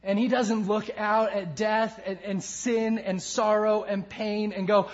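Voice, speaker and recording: A man preaching a sermon with passion, swinging from loud emphasis to hushed lines. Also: high voice, fairly even intonation, measured pace, hardly any pauses, dull audio. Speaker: pastor.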